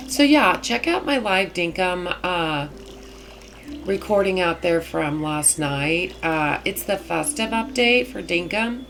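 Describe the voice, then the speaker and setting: A woman hosting her gaming channel, chatting casually through gameplay in a rambling way, with a husky morning voice. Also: on the low side, lively intonation, slow, a bit bright, soft background music. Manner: chatty, rambling with many fillers.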